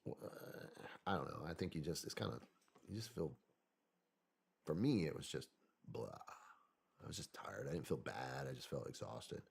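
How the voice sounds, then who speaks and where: Deep gravelly man telling a story. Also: moderate pace, pauses often. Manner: soft-spoken, hesitant, often trails off. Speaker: podcast guest. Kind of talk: casual personal storytelling.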